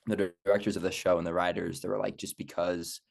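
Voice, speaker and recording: A young man with a deep, low voice chats as a podcast guest. He talks in a relaxed, casual way, hedging with plenty of "like" and "um". His delivery stays loose and conversational. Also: quick pace, gravelly. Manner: casual, lots of "like" and "um", unsure.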